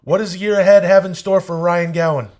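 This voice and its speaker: A man playing a crude, oblivious middle-aged martial-arts action star in an improvised comedy impression, interviewing in a slow, mumbling, deadpan way. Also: sits high, natural voice.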